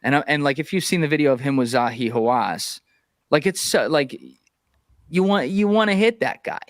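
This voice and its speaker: A man talking casually as a podcast guest, giving blunt, profane and animated opinions. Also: on the high side, normal speed, no echo, clean studio sound.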